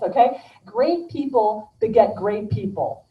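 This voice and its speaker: A middle-aged woman giving a motivational speech as a guest speaker at a club meeting, telling stories in a lively, folksy, humorous way. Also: medium pitch, brisk. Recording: roomy, distant, dull-sounding room recording.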